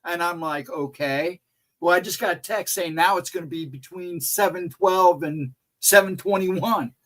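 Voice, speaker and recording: A man's voice: sits high, measured pace, fairly bright tone. A man co-hosting a livestream, chatting casually with a rambling, laughing manner. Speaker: co-host.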